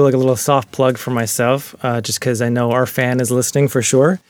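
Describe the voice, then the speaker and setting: A man's voice: medium pitch, little pitch movement, a little fast, darkish tone, no echo. Laid-back man on a dry call line. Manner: laid-back, loose with many "like" fillers. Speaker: podcast guest and music producer. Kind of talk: casual podcast chat. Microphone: remote call line.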